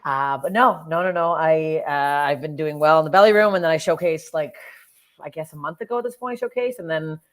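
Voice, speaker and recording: A woman's voice: deep voice, fairly quick. A Canadian woman in her thirties, a comedian telling blunt, profane stories as a podcast guest. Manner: profane, blunt, animated storytelling. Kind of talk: casual podcast storytelling.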